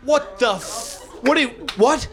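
A man's voice: very high-pitched, lively intonation, a little slow. A man with an Australian accent doing profane, rambling stand-up comedy and bantering with the audience. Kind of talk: stand-up comedy with crowd work. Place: comedy club stage before a live audience. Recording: live audience laughter throughout.

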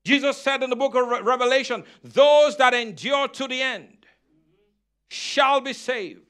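A man's voice: very high voice, measured pace, fairly bright tone, smooth. A man preaching a sermon as pastor, asking the congregation questions and repeating key phrases.

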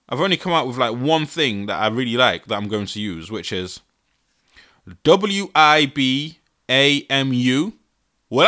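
A man's voice: medium pitch, sharp tone. A man in his twenties hosting a solo podcast from his bedroom, laughing often and sounding exasperated. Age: 20s. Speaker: podcast host.

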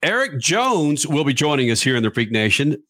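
A man hosting a motorsports radio show, talking energetically and reading promos quickly. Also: a little high, dry recording. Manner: energetic, fast promo reads.

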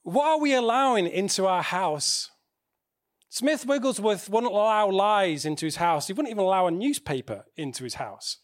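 A man's voice: sits high, animated, moderate pace. A man preaching a sermon in a conversational way, asking the congregation questions.

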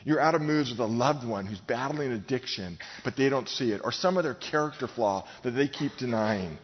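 A man's voice: mid-range voice, animated, moderate pace, slight background noise. A middle-aged male pastor preaching a sermon in a large gym, speaking emphatically and directly to his congregation. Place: large gym used for church services. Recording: long hall reverb, dull sound.

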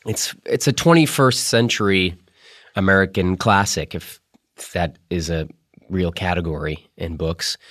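A podcast host with a very low voice talks in a loose, rambling monologue, full of ums and restarts. His throat sounds a little rough from a cold. The recording is dry and close, with no room sound. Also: no echo. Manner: chatty, rambling with many fillers and restarts. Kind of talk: casual monologue.

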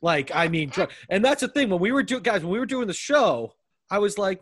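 A man's voice: high-pitched, animated, quick pace. Rambling, stammering male podcast host. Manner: rambling, stammering with many restarts. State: tipsy. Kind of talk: casual podcast chat among friends.

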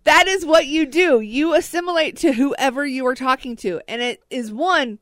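A woman's voice: high voice, normal speed, no room sound. A woman co-hosting a radio show in casual studio chat, teasing her co-host and laughing often.

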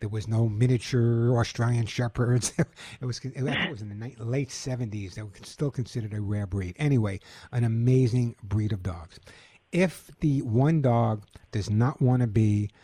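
A man's voice: mid-range voice, normal speed, mellow. A middle-aged man hosting a call-in pet radio show, chatty and enthusiastic with a joking manner.

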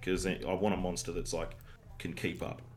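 A man with an Australian accent co-hosting a podcast, talking games casually and excitedly in laid-back slang. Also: sits low, normal speed. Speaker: podcast co-host. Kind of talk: casual gaming chat.

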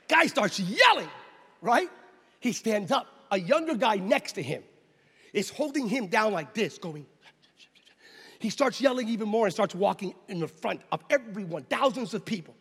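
A man from the United States, a pastor, telling a story in a sermon and acting out the scenes with loud exclamations and voices. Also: extremely high pitch, expressive, moderate pace, husky. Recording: long hall reverb.

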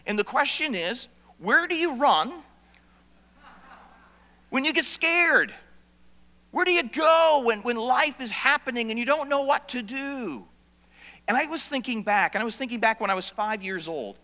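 A man preaching a sermon, telling stories that swing from loud to hushed. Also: very high voice, lively intonation, normal speed. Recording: long reverb of a large hall.

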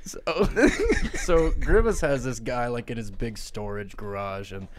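A man's voice: medium pitch, sing-song, unhurried, slight background noise. A man co-hosting a comedy podcast, sassy and teasing as he narrates an improvised silly story. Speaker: podcast co-host.

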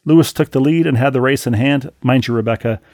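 Man, podcast co-host, gravelly, dry close mic, wry, animated, stop-start storytelling. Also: medium pitch, quick pace, dry recording. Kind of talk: casual podcast chat, reading listener mail aloud.

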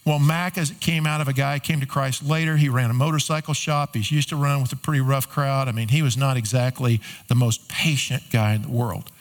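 A man's voice: mid-range voice, steady tone, fairly quick, few pauses. Man preaching a conversational sermon. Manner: conversational preaching with rising emphatic questions. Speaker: pastor.

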